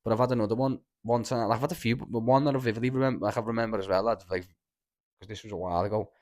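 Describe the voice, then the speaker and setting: Talking very fast in a low voice, a young man with a heavy Scouse accent hosts a casual podcast and spins a rambling, animated yarn. Slang and swearing pile up as he goes.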